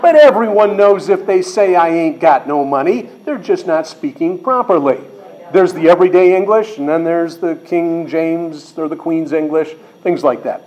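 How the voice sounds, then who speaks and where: A man's voice: on the high side, normal speed, a little mellow, lo-fi sound. Man preaching a Bible sermon. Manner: explanatory, acts out small quoted voices. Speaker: pastor.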